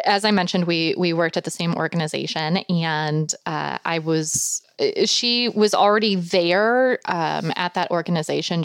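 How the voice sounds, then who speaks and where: A woman's voice: deep voice, clear, resonant tone, dry recording. A woman being interviewed as a guest about her animal behavior work, telling stories in a chatty, rambling way and laughing often. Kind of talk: casual podcast interview storytelling.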